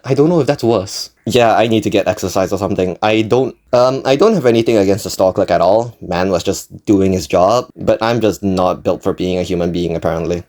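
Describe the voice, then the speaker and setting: A man's voice: lowish voice, a little mellow. Young man telling a dramatic comic story. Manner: self-deprecating, dramatic comic exaggeration. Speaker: channel creator. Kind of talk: comedic storytime narration.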